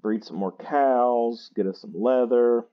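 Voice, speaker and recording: Slow, tired man gaming. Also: medium pitch, lo-fi sound. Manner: slow, chatty and self-mocking. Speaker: gaming channel host. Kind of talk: casual gameplay commentary.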